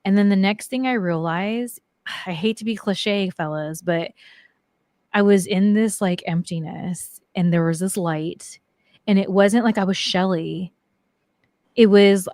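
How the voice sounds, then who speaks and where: A middle-aged talk show guest tells personal stories in a relaxed interview, chatty and leaning heavily on "like" as a filler. Her voice is medium in pitch and a little mellow, with no echo.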